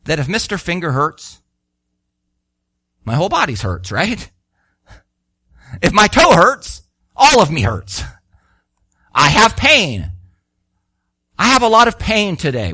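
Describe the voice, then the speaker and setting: A man preaching a sermon, animated and full of rhetorical questions, acting out the voices he quotes. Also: sits high, a little slow, long pauses, dry recording, clean studio sound.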